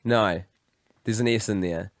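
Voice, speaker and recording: A man's voice: lowish voice, unhurried, no room sound, clean studio sound. A man co-hosting a comedy podcast, making crude, sardonic jokes in casual chat. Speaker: podcast co-host.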